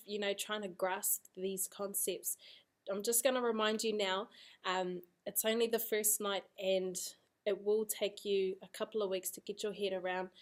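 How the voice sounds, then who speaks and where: A woman's voice: mid-range voice, darkish tone. A woman teaching a language lesson, casual and encouraging, repeating drills aloud.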